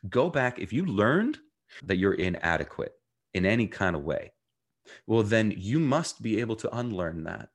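Very low-voiced man, emphatic and animated. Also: moderate pace. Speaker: guest, mindfulness coach. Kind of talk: conversational podcast interview.

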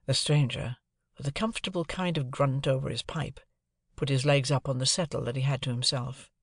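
A man narrating an audiobook in a measured, steady storytelling manner. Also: mid-range voice, husky, no room sound, clean studio sound.

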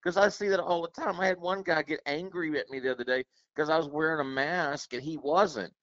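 A man's voice: a little high, brisk, a bit bright. Chatty New man telling stories. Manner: chatty, tells anecdotes acting out other people's lines. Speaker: podcast co-host. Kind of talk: casual comedic storytelling. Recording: dry, dull lo-fi podcast audio.

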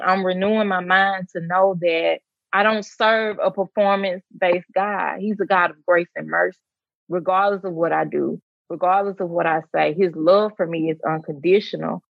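A woman's voice: lowish voice, moderate pace, vocal fry, no echo, muffled recording. Earnest woman sharing her faith. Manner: earnest, reflective, quotes others in lively voices. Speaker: teacher; mother of twins. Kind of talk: faith conversation, personal sharing.

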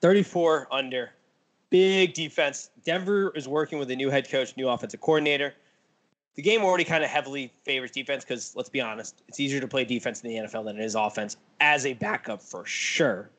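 A man's voice: mid-range voice, fairly quick, fairly bright tone. Joking man hosting a casual sports podcast. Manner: blunt and joking, mild cursing. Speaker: podcast host. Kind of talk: casual chat.

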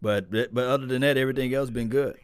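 A man hosting a casual sports call-in podcast, laid-back and laughing often, and loud and animated when he jokes. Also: medium pitch, fast talker, smooth. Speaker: podcast host.

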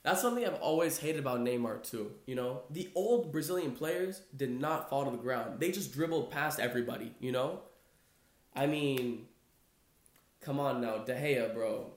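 A man's voice: medium pitch, animated, normal speed. A man hosting a casual sports chat podcast, rambling loosely with lots of fillers and "bro.". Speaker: podcast host. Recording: echoey room.

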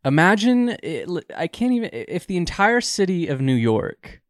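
A man's voice: sits high, big pitch swings, moderate pace, dry recording, clean studio sound. Laughing, agreeable male podcast co-host. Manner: laughing, agreeable, chimes in with reactions. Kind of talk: casual chat.

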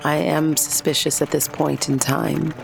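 Very low, gravelly woman player. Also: level tone, over music. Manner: measured, formal phrasing. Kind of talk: in-character role-play.

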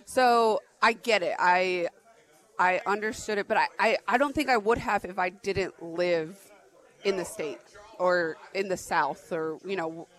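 A woman's voice: lowish voice, a little slow, low-quality recording. A woman in her thirties from Arizona, chatting casually as a podcast co-host and rambling with lots of filler words and restarts. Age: 30s. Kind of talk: casual chat.

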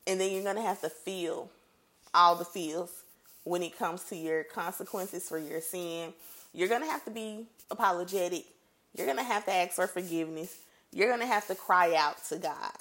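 Lively woman teaching from the Bible. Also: on the low side. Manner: animated and conversational, reads scripture then reacts playfully.

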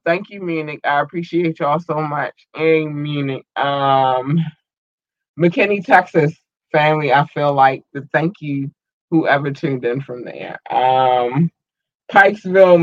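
Slow, slangy host giving listener shout-outs. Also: mid-range voice, dull audio. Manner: slangy, drawling, swears freely. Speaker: host of an online show.

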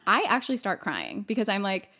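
Animated young woman telling a story. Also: mid-range voice, brisk. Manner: animated storyteller, acts out quoted voices, laughs often. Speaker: podcast co-host. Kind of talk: casual chat recapping a film.

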